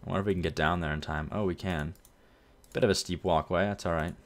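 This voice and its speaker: A low-voiced man speaks quickly as he hosts a casual let's-play of a city-building game. He keeps things relaxed and wandering, frequently correcting himself.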